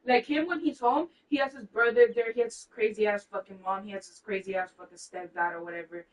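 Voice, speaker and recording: A woman's voice: mid-range voice, fairly even intonation, brisk, recorded from a distance, poor audio. Young woman, casual stream host, profane, Spanish words mixed in, a bit off-mic. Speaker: livestream host. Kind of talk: casual chat, storytelling. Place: at home, apartment.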